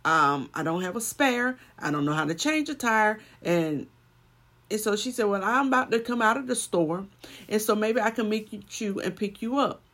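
A woman's voice: medium pitch, lively intonation, moderate pace, a bit bright. A woman preaching a sermon and telling a personal story, building to emphatic swells.

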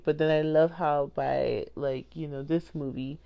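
A woman's voice: sits low, measured pace, creaky, dark tone, lo-fi sound. A young woman giving a casual, rambling movie recap, full of "like" and restarts and often laughing. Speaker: movie reviewer.

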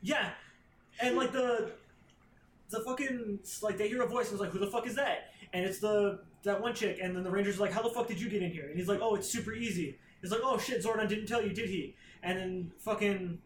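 A man's voice: high voice, fairly quick, a little hiss or hum. A man on a podcast casually recapping a comic plot, rambling and swearing, acting out characters' lines. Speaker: podcast co-host. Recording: roomy echo.

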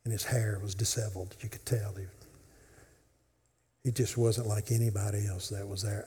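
Speaking at normal speed with long pauses, a pastor whose husky voice sits on the low side delivers a sermon in a church sanctuary. His steady tone shifts between emphatic, ringing declarations and whispers, trailing off into a large hall's long reverb.

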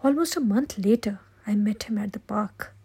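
A woman voicing a grieving grandmother in her sixties, retelling a childhood tragedy in slow, somber, breathy whispered role-play. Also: mid-range voice, warm tone. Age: 60s.

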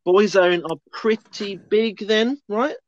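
A man joining a casual chat about a film, wry and mocking with frequent giggles. His voice sits a little high and sounds dry and slightly muffled. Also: takes it slowly, no room sound.

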